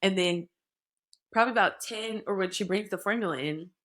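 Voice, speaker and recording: A young adult woman, a podcast guest, telling her story in a candid, animated way. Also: mid-range voice, a little fast. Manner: animated retelling, voicing others in quotes.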